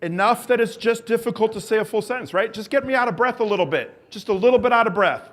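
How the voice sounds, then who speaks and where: High-voiced enthusiastic man coaching a group. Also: fast, a bit bright. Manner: enthusiastic, encouraging, coaxes the audience; calls out countdowns and cues to the group. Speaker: exercise coach presenting at a symposium. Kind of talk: live workshop presentation leading an exercise drill.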